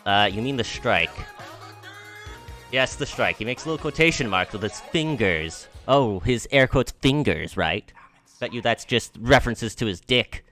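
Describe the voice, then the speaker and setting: A man's voice: medium pitch, animated, moderate pace, sharp tone, soft background music. Joking, swearing male streamer. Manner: swears freely, laughs often, jokes while reading dialogue. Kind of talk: casual live gameplay commentary, reading game dialogue aloud.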